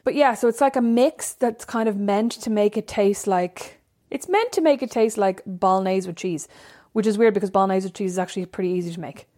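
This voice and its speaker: A woman's voice: mid-range voice, brisk, hardly any pauses, warm tone. A woman co-hosting a casual chat, rambling and storytelling. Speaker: podcast co-host. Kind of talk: casual chat between sisters.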